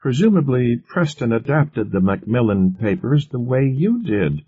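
A man's voice: mid-range voice, big pitch swings, a little slow, breathy edge, no room sound, pitched above the performer's own voice. A man voicing a skeptical woman who questions and presses insistently. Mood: doubtful. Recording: muffled lo-fi recording.

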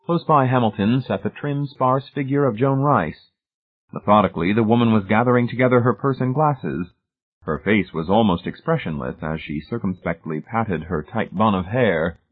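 A man reading an audiobook in a steady, measured narration, recorded with a tinny phone-like sound. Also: lowish voice, husky.

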